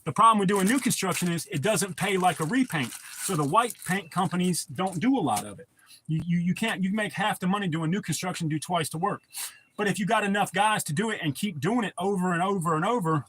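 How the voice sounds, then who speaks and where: Guy rambling on a livestream, swears a lot, kinda high voice, super casual. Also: expressive, quick pace, a bit bright, slightly rough. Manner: rambling, profane, laid-back. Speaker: livestream host. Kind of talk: casual chat reading viewer comments.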